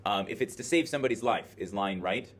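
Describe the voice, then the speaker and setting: A man's voice: on the low side, fast talker, a little hiss or hum. Man lecturing a class, lots of ums. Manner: explains by thinking aloud, many filler words. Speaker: teacher. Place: classroom with a screen. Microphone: video camera in the classroom.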